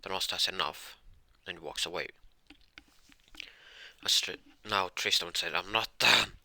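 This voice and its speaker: A man narrating an improvised fan-fiction story, halting with many restarts and self-corrections. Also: low-pitched, fairly even intonation, bright, forceful tone.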